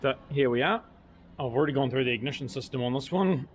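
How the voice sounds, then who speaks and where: A man with a croaky voice from a cold, talking plainly and methodically through car repairs in a casual workshop vlog. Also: medium pitch, quick pace, a little hiss or hum. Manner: plain, methodical technical talk with fillers. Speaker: mechanic and channel host.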